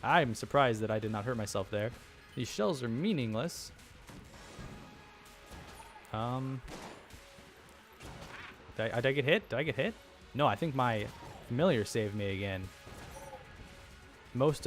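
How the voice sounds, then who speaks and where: A man's voice: mid-range voice, animated, moderate pace, pauses often, faint music behind. A young man casually commenting on his own gameplay, rambling and self-deprecating, with chuckling asides. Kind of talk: casual let's-play commentary.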